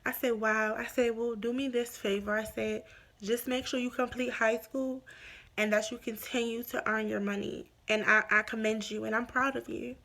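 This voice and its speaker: Young woman chatting a storytime vlog, voice sits a bit high, acts out all the back and forth. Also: moderate pace. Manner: animated retelling with quoted dialogue. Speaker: YouTuber telling a story.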